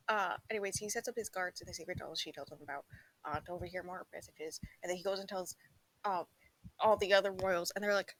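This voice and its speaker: A young woman casually reviewing a book she just read, rambling with lots of fillers and laughing now and then as she acts out quick lines. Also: lowish voice, a bit bright. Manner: rambling, filler-heavy, laughs often, breaks into quick acted quotes. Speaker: book vlogger.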